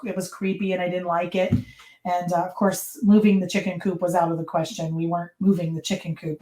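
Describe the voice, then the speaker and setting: A woman being interviewed on a podcast, telling her stories in a lively way and acting out what people said, often with a laugh. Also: fairly low pitch, echoey room, low-quality recording. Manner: lively storyteller who acts out quotes and laughs often. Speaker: podcast guest. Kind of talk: casual interview storytelling.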